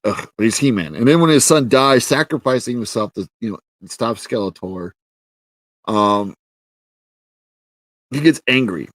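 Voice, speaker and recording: A man's voice: mid-range voice, measured pace, long pauses, no echo. A man reviewing a show in casual, ranting commentary, exasperated and profane, with lots of filler words.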